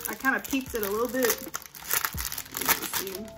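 A woman's voice: fairly high pitch, moderate pace, over loud music. A young woman vlogging a hair tutorial in a chatty, gushing, slangy way. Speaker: beauty vlogger. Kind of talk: casual hair tutorial vlog.

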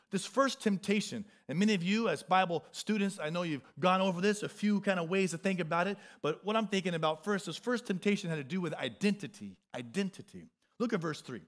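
A young adult male pastor preaching a sermon, emphatic and repetitive, with casual joking asides to the congregation. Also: on the high side. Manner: animated, emphatic preaching with repeated phrases.

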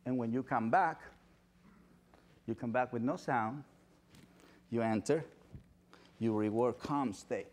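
A man giving an animated storytelling talk at an event, now and then acting out excited dog lovers in high squealing voices. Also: slow, pauses often. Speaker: dog behaviorist speaker. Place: event stage.

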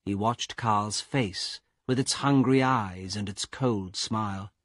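A man reading a story aloud for English learners in a careful, deliberate way. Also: on the low side, a bit bright, no room sound, clean studio sound. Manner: slow, clear, carefully paced reading. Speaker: audiobook narrator. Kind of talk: scripted narration for English learners.

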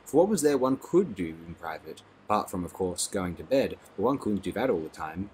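A man narrating an audiobook in a measured, dry reading. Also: deep voice, very animated, darkish tone, a little hiss or hum.

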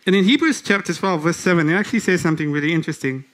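A man delivering a church sermon in a slightly high voice. He talks to the congregation with questions and halting restarts. He reads scripture aloud slowly. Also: fairly bright tone. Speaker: lay preacher.

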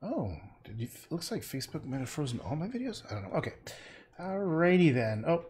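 Male painter hosting his own livestream; loose muttering, half-whispered asides, lively swinging pitch. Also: fast talker, a little hiss or hum. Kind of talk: casual livestream chat while painting.

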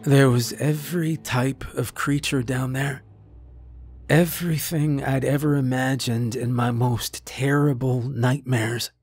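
Slow, measured male horror narrator. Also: mid-range voice, fairly even intonation, darkish tone, breathy edge, no echo. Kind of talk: scripted narration. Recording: faint background music.

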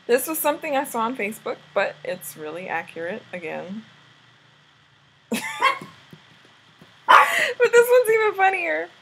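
A woman co-hosting a home vlog, casually teaching words, often laughing and slowly repeating words to coach. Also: sits high, very animated, background noise.

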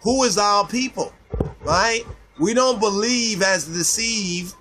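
A man with a somewhat high voice teaches a scripture sermon. He reads verses aloud, stops to explain them, and tags his phrases with "right?" as he goes. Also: slow, background noise. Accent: Rastafari "I and I" speech. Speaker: Rastafari preacher.

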